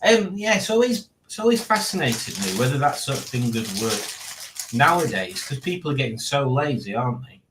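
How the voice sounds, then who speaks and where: A man's voice: medium pitch, big pitch swings, moderate pace, roomy sound, background noise. A man hosting a live stream from home, casually chatting and reading out the chat with dry, playful teasing. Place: home room.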